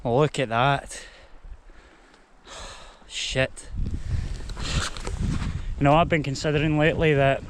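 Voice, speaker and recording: Over some background noise, the young man speaks briskly with few pauses and fairly even intonation, his pitch fairly high, as he climbs a mountain trail and chats to camera. He has a Scottish accent, English as his first language, and Spanish heritage.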